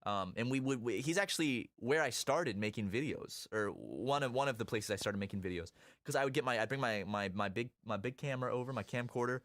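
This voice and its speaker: A man telling animated stories in a casual chat while gaming. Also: brisk, hardly any pauses, dry recording, clean studio sound. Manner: animated storyteller, lively swings in pitch. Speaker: co-host.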